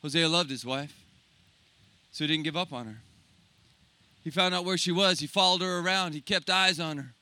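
A man preaching, retelling a scripture story dramatically, swinging between loud and hushed. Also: fairly high pitch, normal speed, long pauses. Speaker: pastor.

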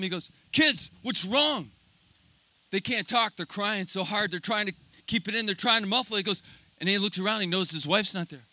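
A man preaching, retelling a scripture story dramatically, swinging between loud and hushed. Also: high voice, dry recording. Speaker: pastor.

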